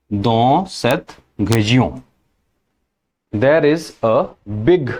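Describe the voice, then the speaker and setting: Man, language teacher, animated pitch, slow delivery, repeats every example. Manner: repeats each example several times, checks with "right?" and "correct?". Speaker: French teacher. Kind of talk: slow, repetitive language lesson.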